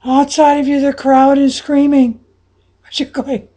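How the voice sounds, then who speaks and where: A woman coaching listeners through a guided visualization, dropping to soft whispers and then rising to excited exclamations. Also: high-pitched, measured pace. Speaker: anxiety coach guiding a visualization.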